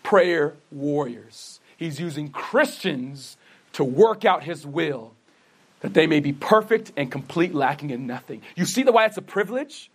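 Male pastor preaching, high voice, earnest, rhetorical questions, stumbles and restarts. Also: animated, a little slow, husky. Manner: earnest, asks rhetorical questions and answers them himself; says he stutters, with frequent restarts. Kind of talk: sermon.

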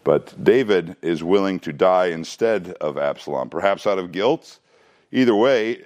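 A middle-aged man preaching through a Bible passage in a conversational, animated way with frequent restarts. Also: on the low side. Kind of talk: expository Bible teaching.

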